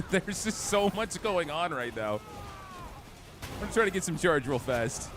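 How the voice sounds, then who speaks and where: A young man commenting excitedly on his gameplay, chatty and trash-talking enemies as he streams. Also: fairly high pitch, normal speed, slight background noise. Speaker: gaming streamer. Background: game music.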